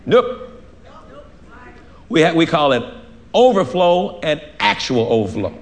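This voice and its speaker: A man pastor preaching a sermon, animated, acting out little dialogues and laughing often. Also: a little high, takes it slowly.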